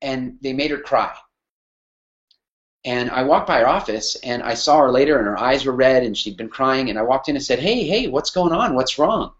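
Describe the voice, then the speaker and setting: A man's voice: medium pitch, moderate pace, highs cut off. A man teaching a business lesson through a personal story, emphatic and repeating phrases for weight. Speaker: business speaker.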